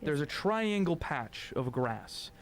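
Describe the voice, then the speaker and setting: A man's voice: fairly high pitch, sing-song, takes it slowly. A young man hosting a casual college radio chat show, talking in a playful, theatrical, teasing way from a studio. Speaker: podcast host.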